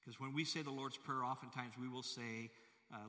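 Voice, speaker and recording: A man's voice: mid-range voice, fairly even intonation, normal speed, bright, forceful tone. A male pastor preaching a sermon in a large church, emphatic and full of rhetorical questions to the congregation. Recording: long hall reverb.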